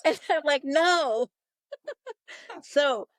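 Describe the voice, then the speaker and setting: Lively storytelling woman, higher voice. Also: no echo. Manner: acts out quoted voices, laughs often. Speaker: psychic medium guest. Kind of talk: animated storytelling in an interview.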